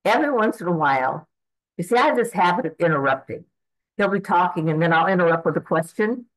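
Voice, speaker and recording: A woman's voice: fairly low pitch, expressive, quick pace, poor audio. Eighty-year-old woman sharing her story. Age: 80s. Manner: rambling, earnest storytelling with many restarts and fillers. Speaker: recovery meeting speaker. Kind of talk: personal testimony at a twelve-step meeting.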